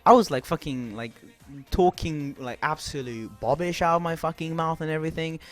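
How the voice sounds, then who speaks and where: A young man telling a rambling, animated story to camera, swearing often. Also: fairly high pitch, moderate pace, faint music behind. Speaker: vlogger.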